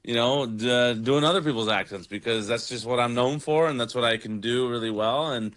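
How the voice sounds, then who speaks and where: A young man from Toronto, a comedian guest, talking in a relaxed, rambling way on radio. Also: mid-range voice, brisk. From Toronto, Canada. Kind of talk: casual radio interview.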